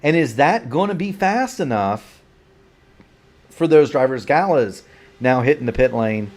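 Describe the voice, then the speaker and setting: A man's voice: mid-range voice, lively intonation, a little slow, darkish tone. Hiccuping male sim racing play-by-play caller. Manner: rambling, self-correcting play-by-play. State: has the hiccups. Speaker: play-by-play commentator. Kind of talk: sim racing broadcast commentary.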